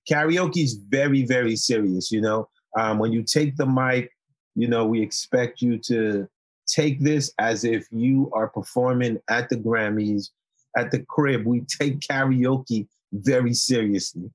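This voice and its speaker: A man from Haiti, a guest in a casual interview, telling stories in a relaxed, playful way and laughing often. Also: mid-range voice, a little slow, no echo.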